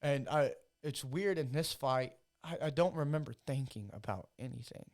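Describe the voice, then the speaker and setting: A man's voice: medium pitch, normal speed, a little mellow. A man, a fighter guest on a podcast, telling emotional stories in casual, heavily profane chat.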